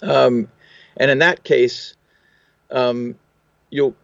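A man's voice: medium pitch, steady tone, very slow, creaky, fairly bright tone, no room sound, lo-fi sound. A man, a recording engineer, answering interview questions in a thoughtful, technical way with fillers and restarts.

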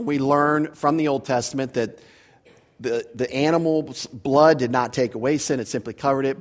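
A male pastor preaching a verse-by-verse sermon in a church, earnest and emphatic, animated when he explains a point. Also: medium pitch. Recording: long reverb of a hall.

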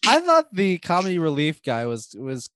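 A young man co-hosting a casual movie chat, animated and joking, steering the talk. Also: a little high, normal speed, crowd noise. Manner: animated, laughs, does goofy voices. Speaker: podcast co-host.

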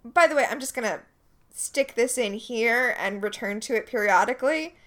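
Lively high-voiced woman chatting. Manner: quick, chatty, playful asides. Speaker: podcast co-host. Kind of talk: casual chat recapping a TV episode.

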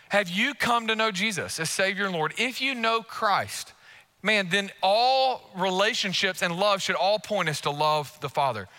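A male pastor delivers an impassioned sermon in a high, ringing voice with a strikingly bright tone. He drives his points home by repeating them. He acts out the prayers and inner thoughts of his listeners. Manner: impassioned, emphatic preaching with repeated phrases.

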